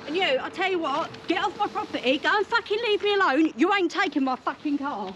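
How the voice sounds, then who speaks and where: A woman rages outdoors, her voice very high and wildly up and down. She curses in nearly every sentence and breaks into shrill outbursts. A faint hiss sits behind her. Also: animated, quick pace, fairly bright tone, dull audio. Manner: furious, swearing constantly, shrill outbursts. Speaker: prank victim. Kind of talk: heated shouting argument. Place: outdoors on a driveway.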